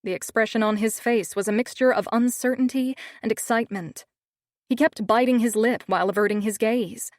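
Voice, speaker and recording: A woman narrating a first-person audiobook with steady, measured storytelling. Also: fairly high pitch, no echo, clean studio sound.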